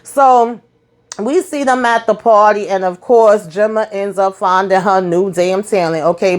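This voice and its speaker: A woman hosting a casual TV episode recap, animated and chatty, talking straight to her viewers. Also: mid-range voice. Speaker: TV recap host.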